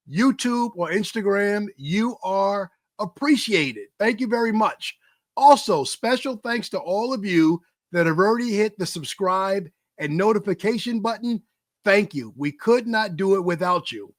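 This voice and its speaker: An enthusiastic male podcast host with a high voice, pumping up his audience. The sound is dry and close, with no room around it. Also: dry recording. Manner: enthusiastic, hype-style delivery. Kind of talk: energetic podcast hosting.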